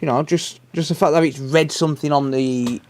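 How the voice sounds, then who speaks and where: A man's voice: on the high side, steady tone, a little fast, a little mellow, a little hiss or hum. British man, livestream repair host, easygoing running chatter, calls people mate, talks while working. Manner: chatty, answers viewer messages while working, says "mate" often. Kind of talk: casual live stream chat.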